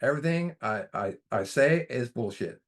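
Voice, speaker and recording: A man's voice: medium pitch, lively intonation, normal speed. A man putting on the voice of his old grandfather with a Southern US accent, blunt and folksy.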